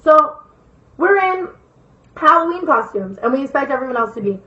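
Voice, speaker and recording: Young woman vlogger, higher voice, chatty storytime delivery, heavy swearing, lo-fi and roomy recording. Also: very animated, normal speed, bright, forceful tone. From Las Vegas, USA. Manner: rambling, swears a lot, repeats herself for emphasis. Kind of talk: casual storytime.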